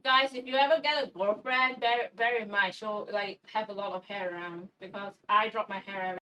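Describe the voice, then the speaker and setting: A woman's voice: mid-range voice, fairly even intonation, moderate pace, sharp tone. Chatty woman streaming from her kitchen. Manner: chatty, rambling, swears casually. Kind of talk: casual livestream chat while baking. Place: home kitchen. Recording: distant mic with faint background noise.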